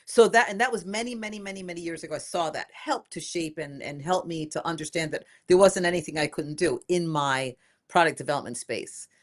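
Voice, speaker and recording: An older woman being interviewed as a guest, talking in a lively, emphatic way and repeating phrases for emphasis. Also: fairly low pitch, fairly quick. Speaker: inventor and guest. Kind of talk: casual interview.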